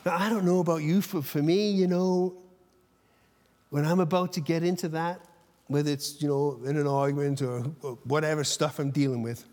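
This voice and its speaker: A male pastor giving an intense, animated sermon, shifting between loud outbursts and soft whispered asides. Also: a little high, moderate pace. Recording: long echo of a large hall.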